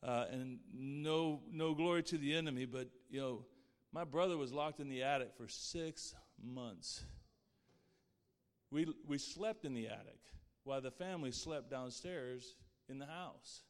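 A man's voice: mid-range voice, measured pace, smooth. Earnest man's testimony in a reverberant hall. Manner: earnest and heartfelt, speaking of faith. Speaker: guest speaker sharing his testimony. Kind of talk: personal faith testimony.

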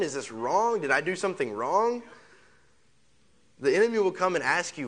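Fairly high and sing-song, the pastor's bright-ish voice moves at normal speed but leaves long pauses. His sermon is built on repetition and rhetorical questions, with the congregation echoing lines back in call-and-response.

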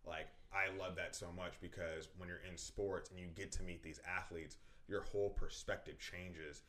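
Deep-voiced easygoing man hosting. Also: fairly even intonation, moderate pace, a bit bright. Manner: easygoing, agreeable, fillers like "like". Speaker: podcast host. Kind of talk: casual chat.

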